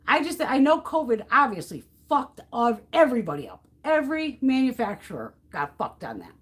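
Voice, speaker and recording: Woman, high voice, middle-aged, from the United States, casual livestream chat, blunt, swearing. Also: very animated, normal speed. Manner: blunt, swears freely, ranting. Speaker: beauty livestream host. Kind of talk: casual chat while depotting makeup.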